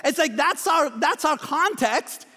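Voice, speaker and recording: Brief: young male pastor, very high voice, energetic sermon in a reverberant hall. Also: a little slow. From Middle East. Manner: energetic preaching, rising emphatic questions.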